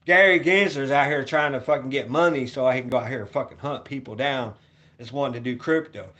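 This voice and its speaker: A man vlogging a rambling, repetitive rant at home, cursing and swinging from loud hollering to low mutters. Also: fairly quick, dull audio.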